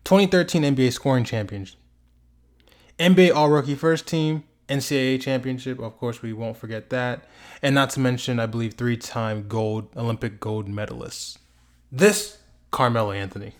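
A man's voice: mid-range voice, moderate pace. A young man hosting his own sports talk show, ranting passionately and drawing words out for emphasis. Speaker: host. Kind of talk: emphatic sports commentary vlog.

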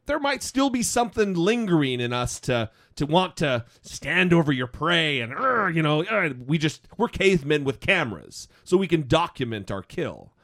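A man hosting a podcast, talking in a casual, opinionated, rambling way with many restarts. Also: a little high. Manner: rambling, animated, restarts often. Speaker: podcast host.

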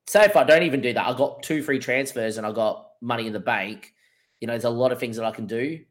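A man co-hosting a fantasy football show, working through his options aloud in casual chat. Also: mid-range voice. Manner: thinks aloud through options, with frequent fillers. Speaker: podcast co-host.

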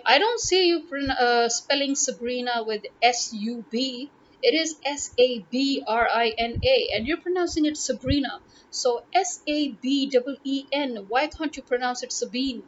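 A woman from Pakistan with a Pakistani English accent, talking casually to camera, exasperated and firing rhetorical questions. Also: high voice. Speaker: vlogger. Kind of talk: casual opinion monologue. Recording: dull lo-fi audio with faint noise.

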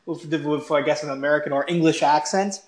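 A man's voice: a little high, steady tone, fast, reverberant. A man co-hosting a podcast, chatting earnestly and calling his partner "bro". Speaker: podcast co-host. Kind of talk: casual chat.

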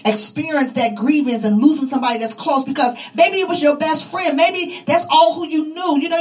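A woman's voice: sits high, rough recording. A woman preaching a sermon, fervent and repetitive, her voice rising and falling with emphasis.

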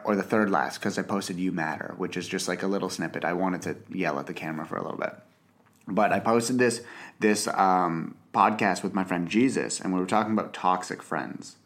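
A man's voice: low-pitched, a bit bright. A young man hosting a casual solo podcast, rambling and self-deprecating, often restarting his sentences. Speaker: podcast host. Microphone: podcast mic, filmed for video.

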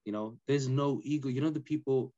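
Man, podcast guest, storytelling, emphatic and chatty, mid-low voice, lo-fi dull recording. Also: fairly quick. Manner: animated, emphatic, peppered with "innit" and "you know". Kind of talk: casual storytelling chat.

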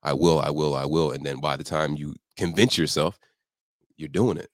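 Here the coach keeps a steady tone and a moderate pace while still sounding emphatic and motivational on his podcast. He's a man whose inner voice comes out through sudden pitch leaps. A studio podcast microphone records him cleanly, with no room sound.

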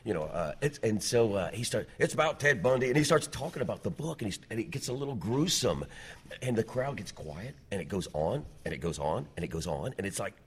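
A man telling a radio story in casual chat, acting out the quotes loudly. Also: on the low side, big pitch swings, brisk, breathy edge. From Ohio. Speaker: radio personality guest.

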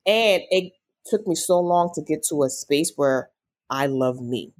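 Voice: mid-range voice, animated, unhurried. A life coach speaking as a podcast guest in an earnest, reflective way, musing on personal growth. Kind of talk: casual conversational interview.

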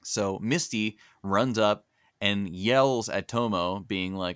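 A man hosting a podcast, casually recapping a cartoon episode with animated, joking storytelling. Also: lowish voice, slow, smooth, no echo, studio quality. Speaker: podcast host.

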